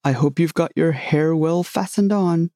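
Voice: mid-range voice, a little slow, dark tone, no room sound, clean studio sound, close to an everyday voice. A storybook reader voicing a grave, muddled old knight who rambles proudly about his own inventions. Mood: earnest. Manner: grave, rambling, self-satisfied.

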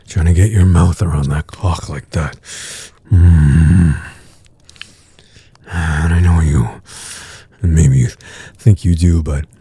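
A man voicing a dominant, teasing adult man in an audio role-play, murmuring low taunts with breathy grunts. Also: mellow, dry recording, full character voice.

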